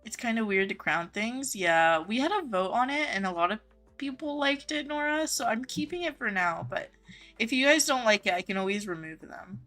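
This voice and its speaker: A woman's voice: fairly high pitch, lively intonation, moderate pace, a bit bright, faint music behind. A young woman live-streaming a game from her home office, reading viewer comments aloud and greeting chatters by name in a friendly, chatty way.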